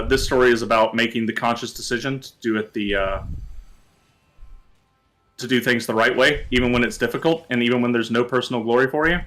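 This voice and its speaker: A man co-hosting a casual video game podcast, talking in a relaxed, rambling way with many fillers. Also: medium pitch. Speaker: co-host. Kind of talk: casual gaming podcast chat.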